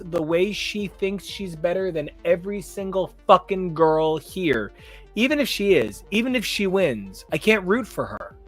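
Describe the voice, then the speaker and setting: A man's voice: high voice, fairly bright tone. A man co-hosting a podcast in casual chat, blunt and sarcastic. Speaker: podcast co-host.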